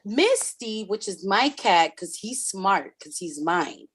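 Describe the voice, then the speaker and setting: A woman co-hosting a casual radio chat, telling stories in an animated way, swearing often and laughing a lot. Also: medium pitch, takes it slowly, a crowd in the background. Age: adult, has a son. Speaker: radio show co-host.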